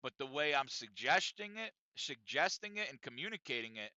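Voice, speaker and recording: A man's voice: mid-range voice, big pitch swings, a little fast, bright, forceful tone, no room sound. A man hosting his own podcast, talking bluntly and confessionally with a lot of profanity. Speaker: podcast host. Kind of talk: casual monologue podcast. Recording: dry, dull lo-fi sound.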